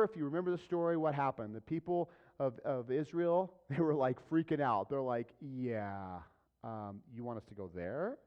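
A man preaching a sermon as a pastor, talking conversationally and asking the congregation rhetorical questions. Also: medium pitch. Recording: dull lo-fi recording.

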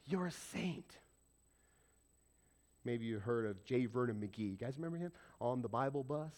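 A man preaching a sermon as pastor, animated and conversational, often putting questions to the congregation. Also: medium pitch, moderate pace, long pauses.

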